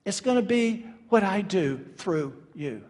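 A man's voice: high-pitched, expressive, measured pace, a little mellow, big-room sound. A man preaching a sermon as pastor, earnest and building to emphatic peaks.

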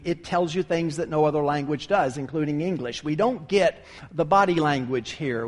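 A man preaching a sermon with emphatic delivery, rising to loud peaks and dropping low. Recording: long hall reverb.

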